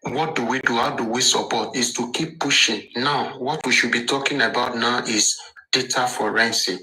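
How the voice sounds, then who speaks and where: A man's voice: medium pitch, steady tone, moderate pace, pushed and bright, poor audio. A man speaking on an online discussion panel, rhetorical, asking questions and answering them himself. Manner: rhetorical, asks and answers his own questions.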